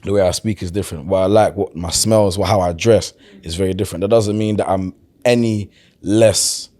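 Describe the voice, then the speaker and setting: A man with a South London accent, chatting casually as a podcast guest and telling stories in a relaxed, loose way. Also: low-pitched, a little fast. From London, England. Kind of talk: casual conversation.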